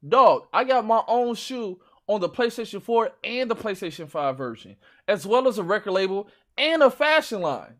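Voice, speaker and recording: A man with a Chicago accent, hosting a stream with loud, profane, boastful trash talk about games. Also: sits high, expressive, moderate pace, hardly any pauses. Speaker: stream host. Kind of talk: casual gaming chat.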